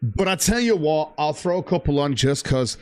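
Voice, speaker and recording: A man's voice: a little high, animated, normal speed, no room sound, studio quality. A man hosting a livestream, ranting heatedly and profanely about a rival streamer and reading out viewer donations. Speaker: stream host.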